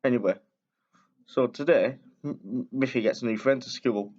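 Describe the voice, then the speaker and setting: A man reads a children's picture book aloud in a loose, chatty way, wandering off into asides and correcting himself as he goes. His voice sits at an ordinary middle pitch. The recording sounds a little muffled and lo-fi. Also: moderate pace, a little mellow. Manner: rambling, chatty, frequent self-corrections. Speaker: storyteller and video host.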